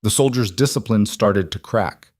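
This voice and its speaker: Male narrator for dramatic fiction, low voice, dry close recording. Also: moderate pace, dry recording. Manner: steady, dramatic storytelling. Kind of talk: scripted narration.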